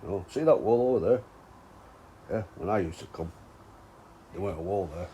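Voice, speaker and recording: A man's voice: low voice, lively intonation, a little fast, warm tone, slight background noise, poor audio. A man chatting casually outdoors by a fishing lake, with sweary, teasing banter. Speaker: angler and vlog host. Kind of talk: casual chat.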